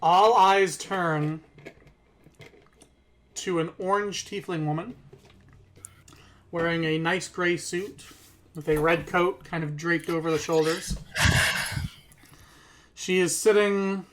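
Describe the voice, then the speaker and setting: A man's voice: on the high side, fairly even intonation, slow, pauses often, a bit bright. A man narrating as game master in a tabletop role-playing game, casual, laughing often and swearing freely.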